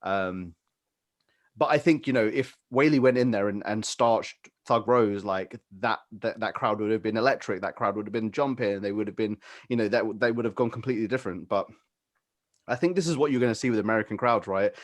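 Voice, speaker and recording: A man's voice: on the low side, brisk, dry recording. A British man co-hosting a fight-sports podcast, talking in a rambling, opinionated way with lots of fillers. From Britain. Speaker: podcast co-host. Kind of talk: casual chat.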